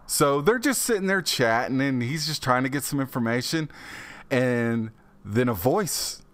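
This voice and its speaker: A man's voice: medium pitch, animated, unhurried, fairly bright tone. A young adult man on a podcast, telling an anecdote in a chatty way and acting out the quotes. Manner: chatty, laughs often, acts out quotes. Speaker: podcast co-host. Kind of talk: casual storytelling.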